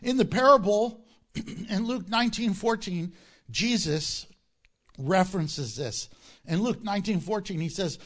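A man's voice: sits high, unhurried, a bit bright. A man preaching a sermon as pastor, emphatic, asking rhetorical questions and acting out mocking quotes.

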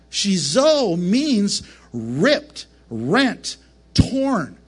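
A man preaching a casual, joking Bible lesson to a camera, animated and prone to breaking off mid-sentence. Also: high-pitched, extremely slow, breathy edge. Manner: animated, joking, self-interrupting. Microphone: camera mic up close.

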